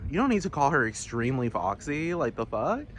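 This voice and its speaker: A man's voice: medium pitch, big pitch swings, brisk, fairly bright tone, a little hiss or hum. A man vlogging a heated, profane rant with many restarts, outdoors. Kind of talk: casual ranting monologue.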